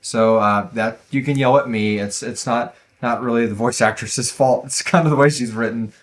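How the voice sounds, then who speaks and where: A man's voice: medium pitch, steady tone, normal speed. A man hosting a podcast in a casual chat, reading listener reviews aloud in a rambling, laid-back way and often stumbling over words.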